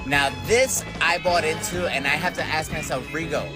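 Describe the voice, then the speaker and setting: A man's voice: fairly high pitch, fairly even intonation, moderate pace, music in the background. A man from New York City delivering a confident, point-by-point monologue to camera. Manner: confident, declarative, lays out points. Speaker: political commentator.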